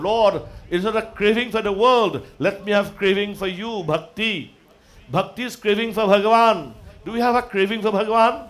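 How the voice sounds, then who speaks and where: A man giving a devotional sermon, calling out invocations and dropping to quiet asides. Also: high voice, expressive, moderate pace. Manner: preaching with sung-out invocations and dropping to soft asides. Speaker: religious speaker. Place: religious festival gathering.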